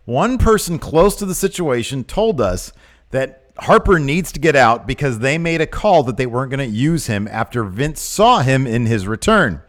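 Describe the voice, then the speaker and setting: On a casual wrestling podcast, a male co-host with a mid-range voice speaks at normal speed, growing animated, worked up, and exasperated as he goes.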